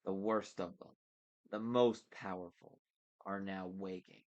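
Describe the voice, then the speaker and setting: A man doing a slow, gloating monster villain. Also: low-pitched, fairly even intonation, a little mellow. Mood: gloating menace. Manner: slow, deliberate, mocking. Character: menacing monstrous male vice principal, gloating.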